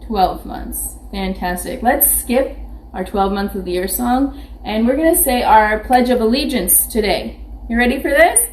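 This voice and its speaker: A woman's voice: fairly high pitch, expressive, unhurried, slight background noise. A young woman teaching a live online phonics lesson to small children, asking questions, answering them herself and sounding out letters with care. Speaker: preschool teacher. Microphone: webcam or phone camera.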